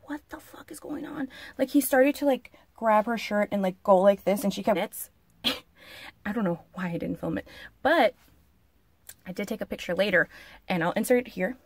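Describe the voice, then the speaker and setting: A woman's voice: medium pitch, normal speed, pauses often, dry recording. A woman vlogger telling a story-time tale in a casual, profane, dramatic way, full of "like" fillers. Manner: profane, chatty, dramatic retelling; frequent filler "like".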